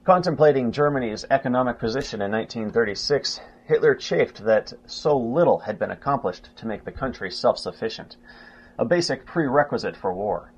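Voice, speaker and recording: A man reading a history book aloud in a measured way, stumbling and restarting now and then and announcing quotes aloud. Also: medium pitch, animated, breathy edge. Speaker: narrator. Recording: dull lo-fi recording.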